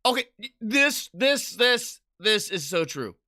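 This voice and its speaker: A woman streamer talks in an unhurried, rambling way at a desk mic. Her pitch jumps around a lot and her tone is bright. She often trips over restarts as she chats with viewers. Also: big pitch swings. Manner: rambling, stumbling restarts and frequent laughter. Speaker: livestreamer. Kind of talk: casual chat while reading viewer messages.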